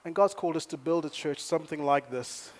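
Energetic preaching man, rather high voice. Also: a little fast. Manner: energetic, storytelling, rising to loud emphasis. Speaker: pastor. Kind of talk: sermon. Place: church in Nairobi.

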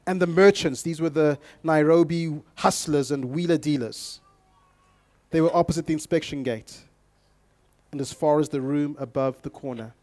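A man preaching a sermon to his congregation, moving from calm scripture reading to loud, emphatic exhortation and speaking directly to the people in front of him. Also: on the high side, normal speed, no room sound. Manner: addresses the congregation directly with audience prompts. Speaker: pastor.

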